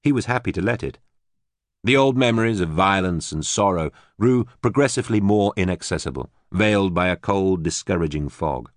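A man reading an audiobook in a measured, even storytelling manner. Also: sits low, dry recording, studio quality. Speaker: audiobook narrator. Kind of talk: scripted narration.

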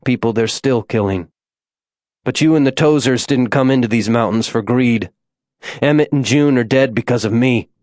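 A man voicing a remorseful middle-aged father confessing in a hushed voice. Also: medium pitch, dry recording, studio quality, close to an everyday voice.

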